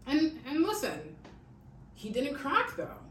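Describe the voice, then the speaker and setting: A woman's voice: high voice, huge pitch swings, slow pace, a bit bright. Chatty woman telling a crime story. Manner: chatty, peppered with "like" and "okay?". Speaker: podcast host. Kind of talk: casual true-crime storytelling. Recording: echoey room, distant mic, faint hiss.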